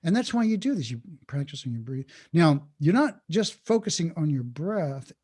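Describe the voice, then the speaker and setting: A man, a podcast guest, explaining mindfulness in an animated way and acting out inner thoughts. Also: on the high side, normal speed, breathy edge. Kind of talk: podcast interview talk.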